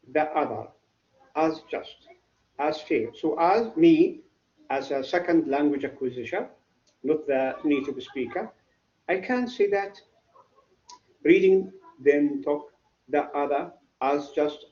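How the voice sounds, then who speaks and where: Guy teaching class, talks real slow, keeps asking "what?", muffled lo-fi recording. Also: on the high side, dark tone, roomy sound. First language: Arabic. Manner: repetitive, quizzes students with "what?". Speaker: English literature teacher. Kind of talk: classroom lecture.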